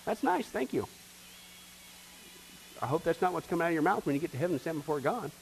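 A man preaching a sermon to his congregation, acting out voices and swinging between loud outbursts and hushed lines. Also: a little high, rapid-fire, a little hiss or hum, low-quality recording. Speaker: pastor.

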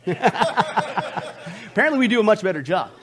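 A man preaching a sermon, joking with the congregation, reading funny lines aloud, laughing and shouting now and then. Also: high-pitched, lively intonation, a little slow. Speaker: pastor. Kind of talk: humorous sermon.

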